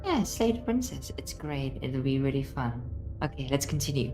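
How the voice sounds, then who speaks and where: A woman's voice: rumbling low, big pitch swings, moderate pace, dark tone, soft background music, rough recording. A woman streamer chatting casually and thanking followers. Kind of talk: casual chat.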